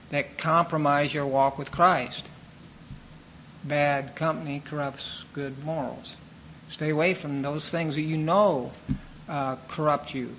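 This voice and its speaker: Earnest preacher man, higher voice. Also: a bit bright, slight background noise, rough recording. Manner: earnest, measured teaching with frequent fillers and restarts. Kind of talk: sermon.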